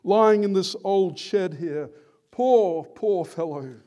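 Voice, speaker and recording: A man doing a young man pleading, high and slow. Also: mellow. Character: young man pleading over a dying old friend.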